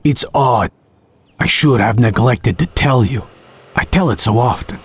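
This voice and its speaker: A man's voice: mid-range voice, measured pace, slightly rough. A man voicing a mad, genial middle-aged male doctor who drifts between cheer and menace, in an audiobook. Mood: rambling. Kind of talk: audiobook character voice. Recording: faint music underneath.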